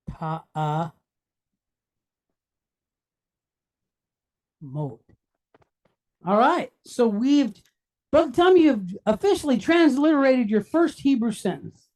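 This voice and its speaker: A man's voice: extremely high pitch, lively intonation, normal speed, darkish tone. A man teaching a classroom lesson, patiently sounding words out syllable by syllable and checking in often with his students. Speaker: Hebrew teacher.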